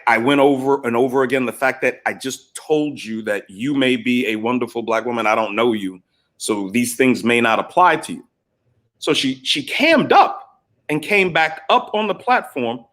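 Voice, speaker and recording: A middle-aged man telling stories in a casual chat, animated and acting out both sides of past arguments. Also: mid-range voice. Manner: animated, retells arguments in quoted voices. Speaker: podcast guest. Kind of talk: casual storytelling.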